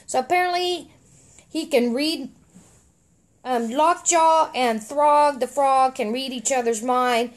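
A woman's voice: extremely high pitch, animated, normal speed. A middle-aged woman reading a comic aloud on a podcast with chatty, wry asides. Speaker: podcast co-host reading a story.

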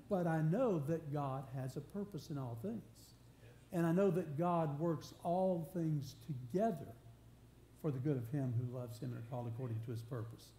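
A pastor with a fairly high, mellow voice preaches at a normal pace in a church sanctuary. His sermon is earnest and conversational, and he often restarts sentences and builds emphasis. The audio is a roomy church live stream with a faint hum.

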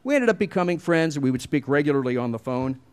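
A man's voice: fairly high pitch, animated, fast, smooth. A middle-aged man giving a commencement speech, telling wry, self-deprecating stories at a podium mic. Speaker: commencement speaker.

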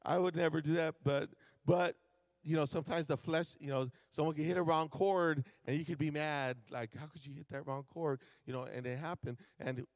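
A man preaching in a conversational, animated way, slipping into little acted-out quotes of his own thoughts. His voice sits a touch high for a man. The sound is dry and close. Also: normal speed, dry recording. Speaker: pastor. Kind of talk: sermon. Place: church sanctuary.

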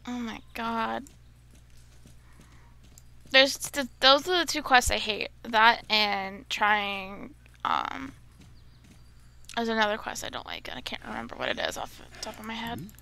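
A young woman gamer talking her way through a play session in a slow, gravelly voice. She grumbles and gets exasperated easily, chatting casually to herself, with a bright, fairly high tone. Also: expressive. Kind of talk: casual gameplay commentary.

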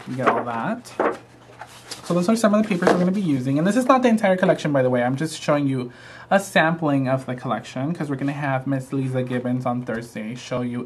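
A man's voice: mid-range voice, slight background noise. A man hosting a live craft show, walking through products in a gushing, chatty way with frequent "um" fillers.

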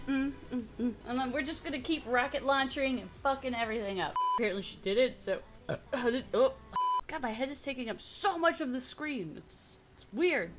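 A young adult woman commentating a horror game as its streamer, swearing loudly, shrieking at scares and laughing. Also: high-pitched. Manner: loud, swearing, screaming at jump scares, laughing. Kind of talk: let's play commentary.

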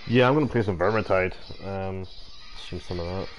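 A man's voice: low voice, normal speed, soft background music. A man chatting casually while streaming games, thinking aloud and swearing freely. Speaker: gaming streamer.

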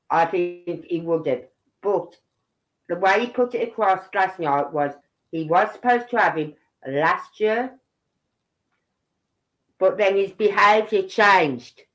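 A middle-aged woman from Birmingham, speaking in a Brummie accent, hosts a casual livestream in a mid-range voice with lively intonation. She takes it slowly with long pauses, rambling chattily and adding "right?" and "you know what I mean". The recording quality is low.

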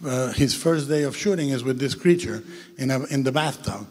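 A film director as interview guest, telling lively anecdotes with frequent hesitations, on the stage of a large hall. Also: male voice, mid-range voice, normal speed. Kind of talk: onstage festival interview. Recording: long hall reverb.

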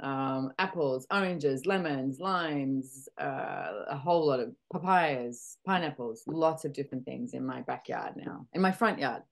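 A woman's voice: extremely low pitch, a little slow, gravelly, hardly any pauses. A middle-aged woman with an Australian accent talks candidly in a casual conversation and acts out her own reactions as she goes. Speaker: podcast host. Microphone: video call.

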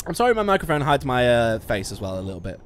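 Playing a trucking game live, a streamer talks casually with his audience, cursing and mocking himself with frequent laughter. He speaks fast in a mid-range voice with big pitch swings, using a studio musician mic.

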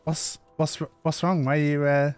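Chatty streamer man, slightly high. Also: little pitch movement, normal speed, soft background music. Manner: chatty, repeats himself. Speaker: game streamer. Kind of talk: live gameplay commentary.

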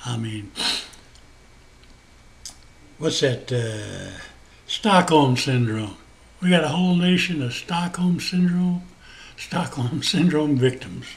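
A man's voice: a little high, expressive, slow, vocal fry, long pauses, rough recording. A man hosting a show, delivering a rambling, profane monologue rant with emphatic repetition. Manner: profane, emphatic, laughs at his own points. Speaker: host.

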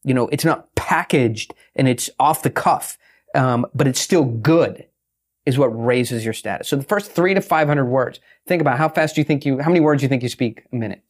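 A man talking as a podcast guest and pitch expert, brash and blunt, swearing and acting out little quotes. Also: normal speed. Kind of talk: fast casual podcast talk.

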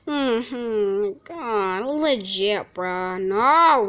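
A woman commentating her own gameplay, excitable and repetitive, with frustrated outbursts at her teammates. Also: a little high, drawn-out words, clear, resonant tone, rough recording. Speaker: gamer.

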